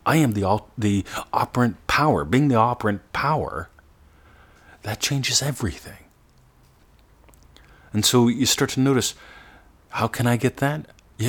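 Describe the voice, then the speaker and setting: A man giving a motivational coaching talk, earnest, sometimes slowing to a soft, drawn-out demonstration voice. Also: mid-range voice. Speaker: manifestation coach.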